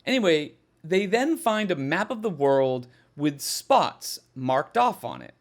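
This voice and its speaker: A man's voice: fairly high pitch, very animated, takes it slowly. A man giving a casual, sarcastic spoken review of a horror film, swearing freely and sounding exasperated.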